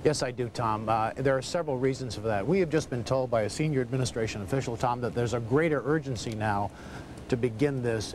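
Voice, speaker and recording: A man's voice: medium pitch, noisy background. A male correspondent answering the anchor in a live report, hesitating with fillers.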